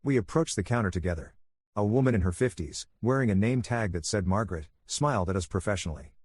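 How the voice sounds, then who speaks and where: A man calmly narrating a first-person story in a soothing, even voice for listeners to fall asleep to. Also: on the low side, quick pace, breathy edge, no room sound, clean studio sound.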